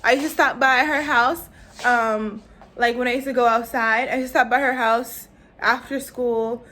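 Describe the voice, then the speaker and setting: A woman's voice: fairly high pitch, a bit bright. A woman vlogger with a New York accent telling a long childhood story in a rambling, casual way, full of "like" and "um". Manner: rambling, filler-heavy, lots of "like".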